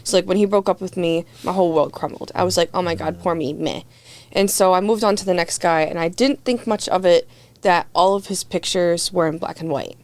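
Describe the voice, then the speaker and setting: A woman's voice: fairly low pitch, a little fast, a little mellow. A young woman, a podcast guest, telling a dating story in casual chat, candid and profane, full of "like" and acted-out quotes. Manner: candid, profane, heavy "like" filler, acts out quotes.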